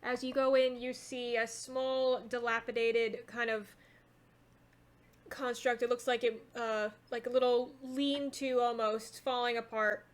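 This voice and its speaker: A woman's voice: on the high side, little pitch movement, measured pace, a little hiss or hum. A woman running a tabletop game from home, describing scenes in a loose, rambling way full of fillers. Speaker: game master.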